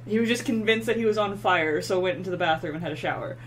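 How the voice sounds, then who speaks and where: A woman co-hosting a casual chat show, telling stories and getting loud as she acts out her anger. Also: lowish voice, fast, a little hiss or hum, poor audio. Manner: animated storyteller, gets loud acting out her anger. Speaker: podcast co-host.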